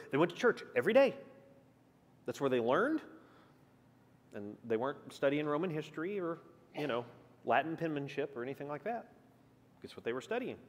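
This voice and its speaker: Lively man teaching in a reverberant hall. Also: fairly high pitch. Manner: asks the class questions, lively, shifting emphasis. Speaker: pastor teaching a church class. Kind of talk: conversational Bible teaching. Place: church meeting room.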